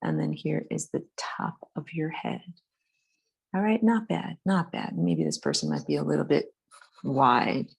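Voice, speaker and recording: Low-voiced woman with a gravelly edge. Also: huge pitch swings, measured pace. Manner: casual, rambling instruction with many fillers. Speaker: art and spirituality teacher. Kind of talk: live-streamed drawing lesson. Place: home art studio. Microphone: phone camera.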